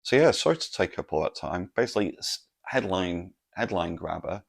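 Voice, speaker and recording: Host, man, low gravelly voice, exasperated, swears constantly. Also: animated, normal speed. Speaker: podcast host. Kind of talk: solo comedic podcast rant.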